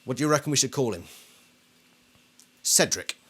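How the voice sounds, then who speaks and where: A man's voice: medium pitch, expressive, moderate pace, fairly bright tone. A man hosting a casual commentary video, talking things through and asking his viewers questions. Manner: conversational, asks the audience questions. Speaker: video host.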